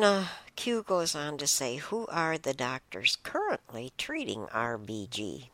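Her voice is low and a bit bright, recorded with no room sound. She reads posts aloud with casual commentary, getting emotional, exclaiming and sighing, and stumbling over her laptop as she reads haltingly.

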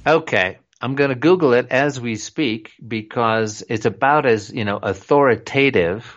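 A man's voice: medium pitch, normal speed, dull audio. A man hosting a radio talk show, rambling with many fillers and reading articles aloud. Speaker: radio host.

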